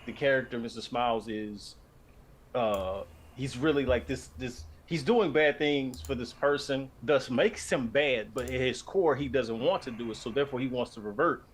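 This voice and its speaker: Man from louisiana, articulate, animated storyteller, casual stream chat, faint background hiss. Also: medium pitch, normal speed. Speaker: voice actor.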